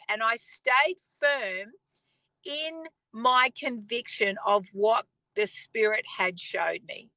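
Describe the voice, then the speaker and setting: A woman tells a faith testimony in a higher, bright and forceful voice. She speaks earnestly and conversationally, with pauses and the odd throat clear. The recording is close and dry. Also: no echo, rough recording. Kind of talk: personal testimony talk.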